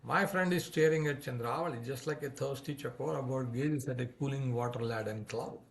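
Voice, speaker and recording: A man's voice: medium pitch, a little fast, gravelly, natural voice. A man voicing a frank young male cowherd friend, plainly spoken.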